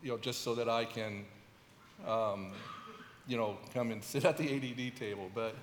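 A middle-aged man giving a testimony at a church service, speaking haltingly with many restarts and fillers. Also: mid-range voice, steady tone, slight background noise. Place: large church hall. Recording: echoey church hall with long reverb.

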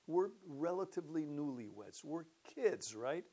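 An older man who is a pastor, speaking to his church in a relaxed, conversational way and warming into animated storytelling as he gives his testimony. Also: on the high side, a little slow. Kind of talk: church announcement and personal testimony.

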